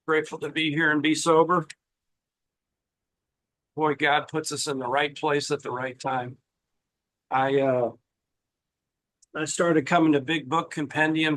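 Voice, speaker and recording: A man giving a personal recovery share at a meeting, halting, with many fillers and restarts. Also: on the high side, fairly bright tone, rough recording. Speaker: meeting attendee sharing.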